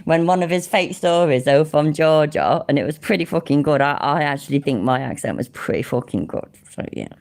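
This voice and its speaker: Sweary woman, lively pitch. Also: a little fast, creaky, hardly any pauses. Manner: sweary, laughing, mock-offended banter with chat. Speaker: live-stream host reacting to a video. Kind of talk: casual live-stream commentary.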